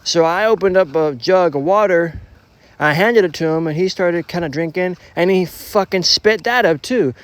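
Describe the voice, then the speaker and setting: A young man with a slightly high voice tells a casual, rambling story, heavy on slang and swearing. He restarts his sentences often and piles on filler. The sound is dry and close. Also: normal speed, dry recording. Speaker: storytelling vlogger.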